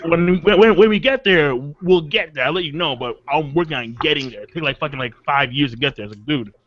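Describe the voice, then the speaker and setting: A man vents in an exasperated, profane rant during a casual group chat. His voice sits a little high. The audio is muffled and lo-fi. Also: fairly quick. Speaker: stream co-host. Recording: lo-fi stream audio.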